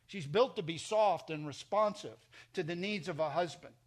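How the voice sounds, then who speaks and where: A middle-aged man preaching a sermon in a church, emphatic, swinging between loud and soft. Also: high-pitched, moderate pace. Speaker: pastor.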